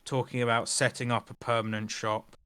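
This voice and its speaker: A man voicing an apathetic male merfolk scrapyard clerk who talks in a flat, dismissive way. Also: mid-range voice, a little fast, smooth, no echo, lightly acted.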